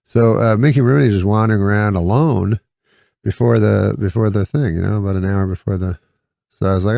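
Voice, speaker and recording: A middle-aged man telling a rambling deadpan anecdote with halting restarts as a comedian guest. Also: on the low side, creaky, no echo. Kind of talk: casual anecdote on a podcast.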